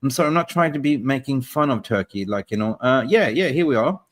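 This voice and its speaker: A man hosts a live football stream. He rambles, repeats himself and chats straight to his viewers while hunting for posts on screen. His voice sits at an ordinary middle pitch for a man. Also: lively intonation, fast. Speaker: football livestream host.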